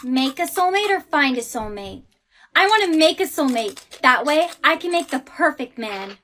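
A woman's voice: high-pitched, big pitch swings, moderate pace, fairly bright tone, a little hiss or hum. A young woman acting in a scripted comedy skit, with exaggerated, dramatic delivery. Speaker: skit creator playing the lead.

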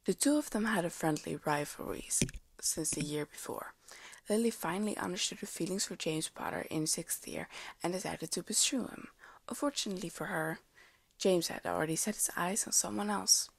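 A woman with a low, gravelly voice reads a fan story aloud. She trips over words and restarts them as she goes, and the sound is dry and close. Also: normal speed, dry recording. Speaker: podfic reader. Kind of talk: fan fiction reading.

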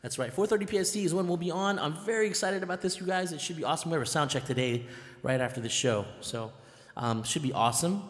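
A man hosting a live music stream, chatting casually and telling stories in an animated, excitable way, full of "I'm like" and the odd curse. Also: fairly high pitch, fast talker. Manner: animated, excitable storyteller who keeps saying "I'm like" and curses at times. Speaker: live music show host and band member. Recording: echoey room with long reverb.

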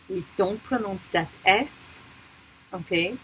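Slow, patient woman teaching pronunciation. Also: lowish voice, a bit bright, slight background noise, low-quality recording. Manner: patient, repeats each example word slowly. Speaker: French teacher. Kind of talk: pronunciation tutorial.

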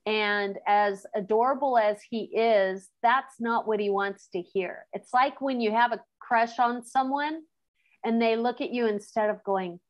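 Woman teacher reading a kids book to class, slow and a bit high, chats in between. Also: lo-fi sound. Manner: unhurried, chatty asides, corrects slips. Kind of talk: reading a children's novel aloud to a class. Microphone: class recording.

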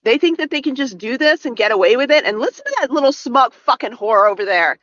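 A woman's voice: on the high side, lively intonation, fast talker, a bit bright, no echo. A woman ranting furiously and profanely as a guest in a casual stream chat. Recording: dull lo-fi mic.

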